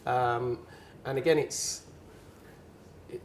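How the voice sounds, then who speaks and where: A man's voice: medium pitch, fairly even intonation, slow pace. A man in his forties, a former footballer as guest, telling stories in an earnest, emphatic way with many restarts. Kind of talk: storytelling in a conversation.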